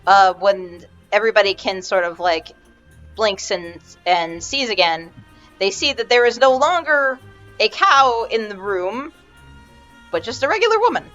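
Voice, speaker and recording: A woman's voice: mid-range voice, animated, a little slow, a bit bright. Brief: woman game master, rambling narration, dull lo-fi sound with faint music. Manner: rambling, restarts often, many fillers.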